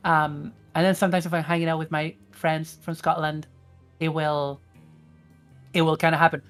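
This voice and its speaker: Female streamer, English not her first language, low-ish voice, halting chatty delivery. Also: flat delivery, soft background music. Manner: hesitant, many fillers, reads chat aloud. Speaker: streamer host. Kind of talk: casual chat.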